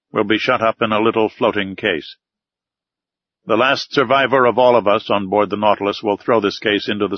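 A man's voice: medium pitch, no room sound, natural voice. A man reading as a stern, secretive sea captain. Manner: curt and ironic. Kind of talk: audiobook character reading. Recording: slightly dull, dry recording.

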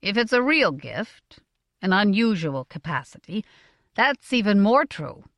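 A stern middle-aged merchant father, as a woman reader gives him voice, speaks in an earnest, deliberate way. His pitch moves freely as he weighs each word, and the recording is close and dry. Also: very animated, a bit bright, no echo. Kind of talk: audiobook character voice.

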